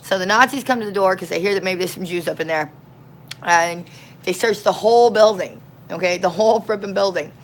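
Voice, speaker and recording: A woman street minister in casual, slangy storytelling, folksy and animated. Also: medium pitch, brisk, slight background noise, poor audio.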